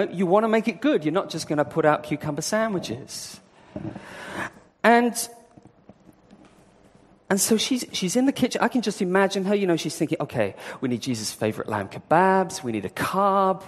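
A man preaching a sermon, telling the story in a lively way and acting it out. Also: high-pitched. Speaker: pastor. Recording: long hall reverb.

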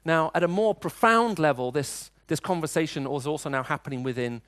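A man's voice: a little high, brisk, fairly bright tone, no echo. Conversational male preacher, dry sound. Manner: storytelling, conversational, frequent restarts. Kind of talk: sermon with personal stories.

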